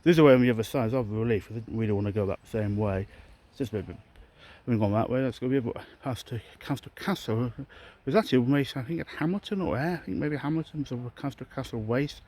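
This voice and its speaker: A man's voice: mid-range voice, quick pace, darkish tone. Rambling man vlogging on a walk. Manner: rambling, self-correcting, chatty. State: out of breath from climbing. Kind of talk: rambling walking vlog. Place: outdoors, hilly park walk.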